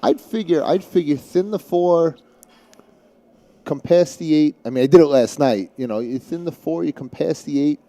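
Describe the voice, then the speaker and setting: Man, thick New York City accent, mellow voice, chatty and rambling, casual pool commentary. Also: a little high, normal speed. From Staten Island, New York City. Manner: chatty, rambling, with many restarts. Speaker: guest commentator.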